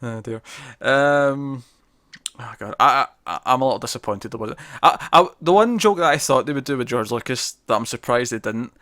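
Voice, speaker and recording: Podcast co-host, man, casual, animated scene retellings, dry room. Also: mid-range voice, normal speed, no echo. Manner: chatty, laughs often, quotes scenes in lively bursts. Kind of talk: casual review chat.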